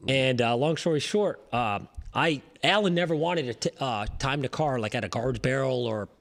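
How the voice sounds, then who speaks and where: A middle-aged man from Connecticut, a former race crew member, telling lively stories as a guest in a casual interview, often repeating his words. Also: medium pitch, moderate pace, gravelly. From Connecticut, USA.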